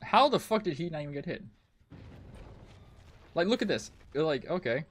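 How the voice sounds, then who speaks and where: A male game streamer with a slightly higher-than-usual voice, talking straight through his play. He rants and grumbles in frustration, and curses come thick and fast. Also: big pitch swings. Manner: ranting, frustrated, heavy swearing. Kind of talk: live gameplay commentary.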